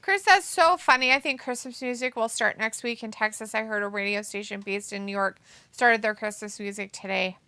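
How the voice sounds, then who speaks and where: A woman's voice: medium pitch, a little fast, sharp tone, clean tone, dry recording. A woman co-hosting a casual watch-along stream, chatting, teasing and reading viewer comments aloud. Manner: giggly, teasing.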